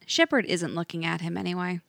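A woman narrating a fiction story aloud with an expressive, varied delivery. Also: fairly low pitch, fairly quick, gravelly, no room sound, clean studio sound.

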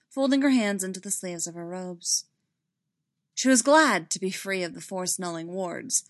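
A woman narrating a work of fiction in an even, measured reading voice. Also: fairly low pitch.

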